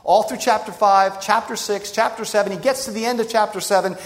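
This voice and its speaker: A man preaching a sermon in an emphatic, rhetorical way with dramatic pauses. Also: high-pitched, lively intonation. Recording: long reverb of a large hall.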